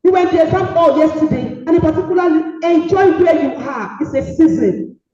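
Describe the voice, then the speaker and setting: A middle-aged woman with a Nigerian accent giving an emphatic, preachy motivational speech, repeating maxims and sometimes shouting. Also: high voice, moderate pace, soft background music. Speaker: guest speaker. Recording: echoey hall, distant dull mic.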